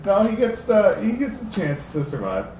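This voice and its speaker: A man's voice: high-pitched, huge pitch swings, moderate pace. A man narrating as game master of a tabletop game, rambling with many fillers. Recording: roomy, distant, faint noise.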